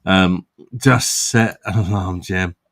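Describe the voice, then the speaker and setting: A man's voice: low-pitched, slow pace, a bit bright. A man hosting a casual drinking livestream, tipsy, swearing and laughing often. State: drunk. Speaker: host.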